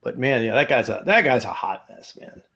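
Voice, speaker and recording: A man co-hosting a podcast in casual, joking chat, rambling and animated. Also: mid-range voice, brisk, vocal fry, lo-fi sound. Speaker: podcast co-host.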